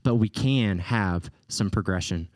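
A male pastor preaching a sermon in an animated way, with playful slang asides and emphatic peaks. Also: lowish voice, measured pace, dry recording.

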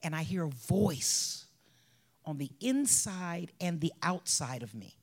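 Woman, bereaved mother, husky voice, emotional personal testimony with soft whispered stretches. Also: deep voice, lively intonation, slow. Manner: emotional, drops to soft whispers, breaks into laughs.

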